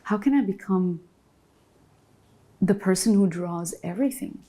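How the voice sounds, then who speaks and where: A woman's voice: medium pitch, a little slow, mellow. A woman, a guest in an interview, speaking thoughtfully and searching for her words. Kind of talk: reflective conversation.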